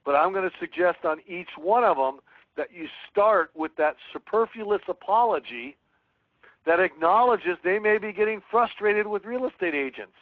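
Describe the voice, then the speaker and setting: A man's voice: sits high, lively intonation, moderate pace, dry recording. A man teaching a real estate sales webinar, coaching earnestly and reading sample phone scripts aloud. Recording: tinny phone-like line.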